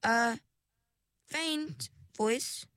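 A woman's voice: fairly high pitch, a bit bright, no room sound, pitched above the performer's own voice, natural voice. A woman voicing a timid, unsure young mermaid girl who speaks hesitantly. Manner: hesitant, halting.

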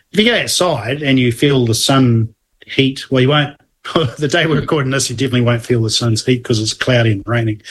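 A husky-voiced man co-hosts a casual science talk. He explains things at length, often restarting his sentences and adding little asides. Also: mid-range voice, a bit bright. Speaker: podcast co-host explaining astronomy.

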